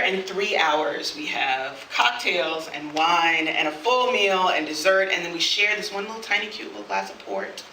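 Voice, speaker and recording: A woman performing a personal story live on stage, animated and quick to laugh, acting out the voices of others. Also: lowish voice, slight background noise. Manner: animated, laughs often, acts out quoted voices. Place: studio event space with audience. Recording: echoey room, voice from a distance.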